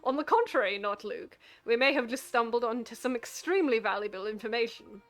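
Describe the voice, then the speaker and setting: Woman doing a polite old-fashioned professor, soft and formal. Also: fairly high pitch, expressive, brisk, faint music behind. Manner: courteous, formal. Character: polite gentlemanly male professor detective.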